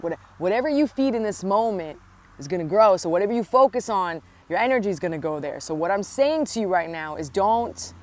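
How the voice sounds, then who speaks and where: Woman, spiritual coach, lowish voice, earnest and affectionate, repeats lines for weight. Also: a little mellow, slight background noise. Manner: earnest, affectionate, addresses listener directly; repeats phrases for emphasis. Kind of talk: inspirational spiritual talk.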